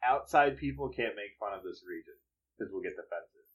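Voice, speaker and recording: A man's voice: lowish voice, expressive, brisk, low-quality recording. A man from northeastern Pennsylvania in casual chat, musing and trailing off with fillers.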